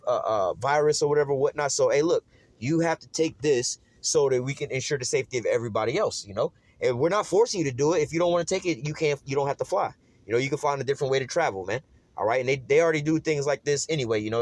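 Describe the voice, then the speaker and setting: A man's voice: medium pitch, no room sound. A man giving an informal, rambling Bible study, reading verses and commenting in streetwise slang with constant fillers. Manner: rambling, streetwise, peppered with "man" and "all right". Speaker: Bible teacher.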